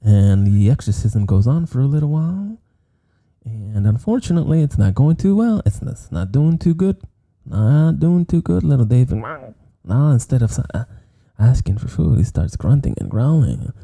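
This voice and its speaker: A man's voice: mid-range voice, sing-song, normal speed, creaky, mellow. A man giving a comedic horror movie review in a playful, jokey way, full of asides.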